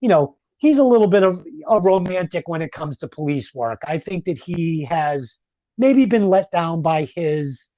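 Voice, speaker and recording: Male podcast host, rambling casual recap, mid pitch, dry close mic. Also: lively intonation, normal speed, warm tone, dry recording, muffled recording. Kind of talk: casual movie review chat.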